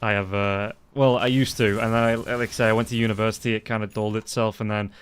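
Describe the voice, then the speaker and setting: A man doing play-by-play esports commentary, quick and lifting into excited calls during fights. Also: lowish voice, clean tone. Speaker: esports caster.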